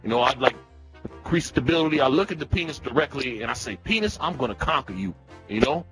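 A man's voice: mid-range voice, quick pace, soft background music, close to an everyday voice. A man playing Jerome, a brash sing-song troll. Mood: cheeky. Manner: brash, teasing, slangy, lively sing-song delivery. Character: crude, pushy, shameless young male troll. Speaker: prank caller in online voice chat. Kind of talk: comedic trolling role-play.

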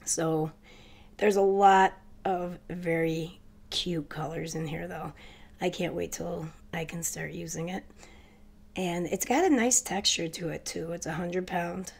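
A woman with a stuffy cold voice, chatting quickly and casually to her viewers in a crafting haul video. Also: fairly low pitch, steady tone, creaky, breathy edge. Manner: chatty, hurried, addresses viewers directly. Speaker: crafting vlogger.

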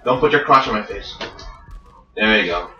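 A young man playing a co-op shooter with friends, excitable and yelping at every threat. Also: normal speed, dull audio. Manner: excitable, yelps and jumps in pitch. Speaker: gamer playing co-op. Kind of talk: casual let's-play chat. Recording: roomy, distant mic, game music.

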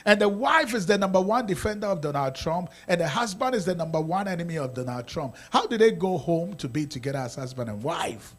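A man with a Ghanaian accent preaching a sermon as pastor, swinging from quiet talk to shouting. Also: fairly high pitch, big pitch swings, a little fast, hardly any pauses.

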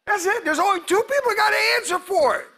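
A male pastor preaching a sermon to his congregation, calling out to them and acting out quotes, breaking into loud shouts at the peaks. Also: very high voice, expressive, fast talker. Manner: preaching with call-outs to the congregation, acts out quotes. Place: church sanctuary.

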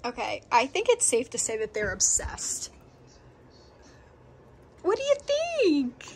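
A young woman pet vlogger chatting casually, bubbly and giggly, gushing with excitement. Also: on the high side, slow, background noise. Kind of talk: casual vlog.

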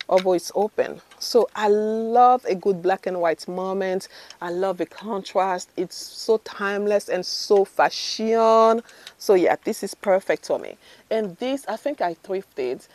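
A woman's voice: fairly low pitch, a little mellow, a little hiss or hum. A woman fashion vlogger chatting casually through a bangle try-on haul, gushing and full of fillers and restarts. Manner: gushing, chatty, lots of fillers and self-corrections.

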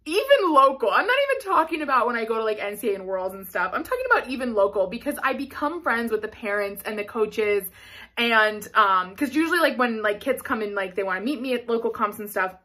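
A woman's voice: a little high, bright, forceful tone. A young woman giving a gushing, emotional reaction commentary as a vlogger, often laughing and squealing. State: out of breath.

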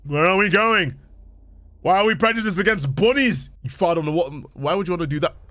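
A young man commentating a horror game playthrough, reacting excitably and reading the on-screen text aloud. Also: high voice, fairly quick, dry recording. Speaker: gaming youtuber.

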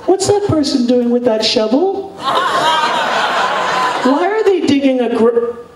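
A man telling a bawdy story to a live audience, in an animated and goofy manner, breaking into sung nonsense sounds. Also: extremely high pitch, slow, very noisy. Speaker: sex educator telling a story on stage. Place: stage before a live audience. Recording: echoey hall, mic far off, crowd laughing.

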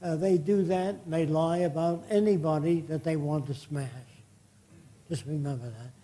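An older man delivering a lecture in a blunt, indignant manner, peppering his points with profane asides. His voice sits a little high for a man, with a dark, mellow tone. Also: steady tone, moderate pace. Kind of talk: public lecture with audience Q&A.

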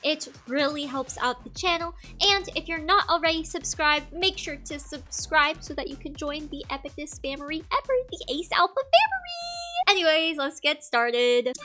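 Woman, young adult, high-pitched, bright, trash-talking game narration, mock-boastful, faint music. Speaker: gaming channel host. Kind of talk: comedic gameplay voice-over.

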